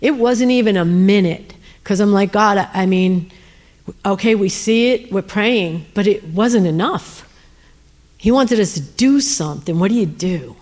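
A woman's voice: mid-range voice, animated, normal speed, a little mellow. Woman, missionary speaker, testimony, earnest, emotional, frequent fillers. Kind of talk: testimony storytelling.

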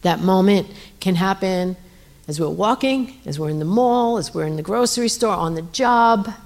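A woman's voice: medium pitch, expressive, normal speed, a little mellow. A woman telling a faith testimony as a missionary speaker, earnest and emotional, with frequent fillers. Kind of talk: testimony storytelling.

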